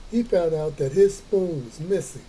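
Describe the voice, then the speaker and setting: A man reading a children's story aloud, slow and folksy, with playful chatty asides. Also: fairly high pitch, warm tone, slightly rough, low-quality recording. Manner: slow, folksy, adds playful comments to listeners.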